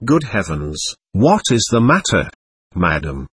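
A man's voice: deep voice, wildly swooping pitch, measured pace, a bit bright, breathy edge, dry recording, pitched below the performer's own voice, heavily acted. A man voicing an impulsive young man in a storybook reading, pleading and agitated.

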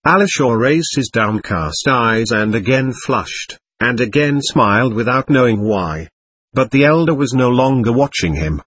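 A man narrating a classic novel as an audiobook, reading in a measured, expressive way. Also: medium pitch, slightly rough, no echo.

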